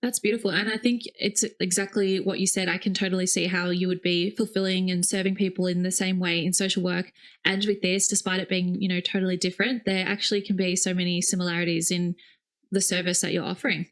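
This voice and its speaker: A woman's voice: fairly low pitch, little pitch movement, fast talker. A woman co-hosting a podcast, asking questions in a friendly, enthusiastic way. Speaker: podcast co-host. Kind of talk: conversational podcast interview.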